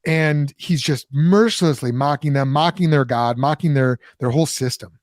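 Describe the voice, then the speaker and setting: Animated storytelling man, dry sound. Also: fairly high pitch, moderate pace, dry recording. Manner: animated storyteller, many restarts and asides. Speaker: podcast host, former pastor. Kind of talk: casual Bible talk answering a question.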